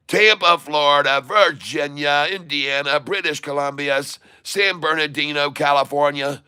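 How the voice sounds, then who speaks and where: A man from Michigan hosting a casual live stream, excitedly reading out viewer shout-outs. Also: fairly high pitch, smooth, dry recording. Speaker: livestream host. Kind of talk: casual livestream chat.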